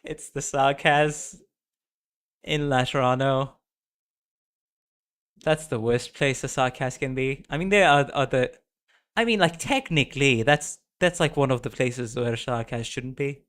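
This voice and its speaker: A man streaming a game, reading its dialogue aloud and reacting with excitable, rambling restarts. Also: medium pitch, measured pace.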